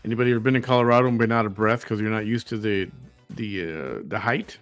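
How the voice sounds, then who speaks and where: A man's voice: fairly low pitch, fast, clean tone, faint music behind. A man hosting a reaction commentary show, sarcastic and mocking.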